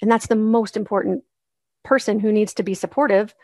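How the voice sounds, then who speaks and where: A woman's voice: medium pitch, brisk, darkish tone, dry recording, studio quality. A woman hosting a solo podcast, coaching moms in a casual, encouraging way and acting out the voices she quotes.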